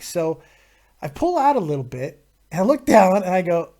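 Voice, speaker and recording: A man hosting a live stream, telling a crude story in a casual, animated way with constant swearing. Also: sits high, normal speed. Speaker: host of a live viewer Q&A stream.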